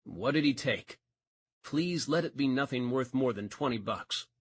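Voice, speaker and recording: A male narrator voicing a rugged young deputy who talks curtly and tries to stay calm. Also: medium pitch, unhurried, slightly rough. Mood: terse. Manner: curt, trying to stay calm.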